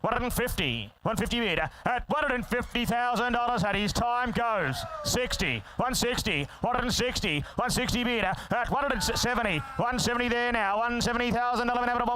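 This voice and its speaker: A man working as an auctioneer, rattling off bids in a fast chant with quick asides to the bidders in a sale ring. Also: very high voice, pushed and bright, poor audio.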